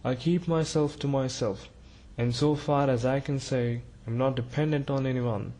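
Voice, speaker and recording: A timid, awkward clerk who stammers and falters over his words, as a man reads him aloud. He is a male figure in a storybook reading, with a voice of middling pitch. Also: fairly even intonation, moderate pace, mellow, natural voice. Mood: halting, earnest. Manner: stammering and hesitating.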